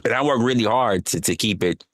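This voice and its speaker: An American man chatting casually on his livestream, animated and rambling, swearing freely and teasing his chat. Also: lowish voice, fairly quick, no echo, studio quality. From United States. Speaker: livestream host.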